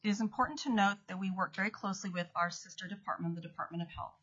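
A woman's voice: mid-range voice, fairly even intonation, racing, fairly bright tone, husky. A woman, an acting state commissioner, reading prepared testimony at a hearing and correcting small slips as she goes. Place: legislative hearing room. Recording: dull lo-fi hearing audio.

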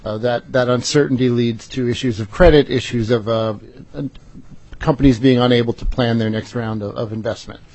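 Guy presenting a bill to a committee, keeps saying uh, middle-pitched voice. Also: steady tone, darkish tone. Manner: halting, many "uh" fillers and restarts. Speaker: state agency official presenting a bill. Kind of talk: formal committee testimony.

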